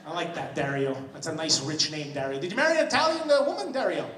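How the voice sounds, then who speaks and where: A man's voice: fairly high pitch, animated, quick pace, fairly bright tone. A man doing a crude, rambling stand-up set in a comedy club. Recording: echoey club from a distance.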